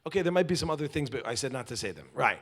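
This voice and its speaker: A man's voice: mid-range voice, sing-song, racing. A man from New York giving a comedic motivational talk, telling stories with jokes and acted-out quotes. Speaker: speaker.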